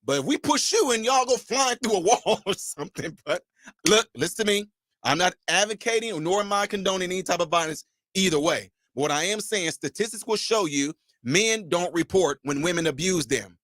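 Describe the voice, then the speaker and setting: Male call-in host, middle-aged, high pitch, animated and emphatic, dry close sound. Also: moderate pace, no echo. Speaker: host taking callers. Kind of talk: livestream commentary.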